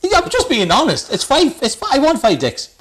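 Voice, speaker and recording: Male podcast co-host, playful and teasing, very animated pitch. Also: fairly quick, noisy background. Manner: playful, teasing, laughs often. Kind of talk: casual comedic chat.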